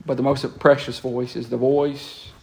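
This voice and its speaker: A man, preaching a lively sermon in a church and breaking into quick asides and repeated words. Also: medium pitch, vocal fry, slight background noise. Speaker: pastor. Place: church sanctuary.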